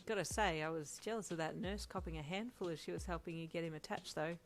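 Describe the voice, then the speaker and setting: A woman's voice: lowish voice, fast talker, faint music behind, lightly acted. A woman reading the lines of a cheeky, teasing young male hero who is a proud new father. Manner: teasing and playful.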